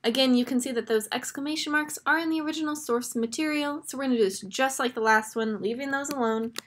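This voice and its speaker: A woman's voice: sits high, quick pace. A woman teaching a grammar lesson, patiently walking through each step over a screen recording.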